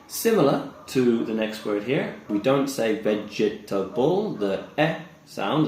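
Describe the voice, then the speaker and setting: A man teaching English pronunciation, slowly modeling words and repeating examples. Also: mid-range voice, slight background noise. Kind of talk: pronunciation lesson. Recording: echoey room with faint ambience.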